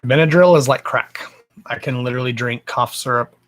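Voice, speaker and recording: Man, Texan accent, casual live-stream host, chatty, affectionate, salty language, mid pitch. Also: brisk, fairly bright tone, rough recording. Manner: chatty, greets viewers with endearments, swears casually.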